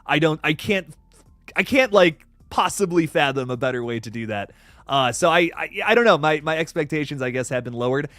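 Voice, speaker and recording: A young man hosts a casual live stream in a fairly high voice. He rambles excitably, full of fillers and restarts. The sound is dry and close, with no room around it. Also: brisk, no room sound, faint music behind. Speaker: horror news streamer.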